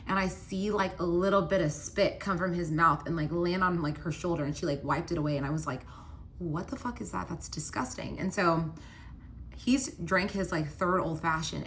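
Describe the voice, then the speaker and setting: A young woman with a lowish voice casually tells a story about her relationship, with a slight hiss or hum in the background. She retells it animatedly, acting out both sides of the argument and packing her speech with "like".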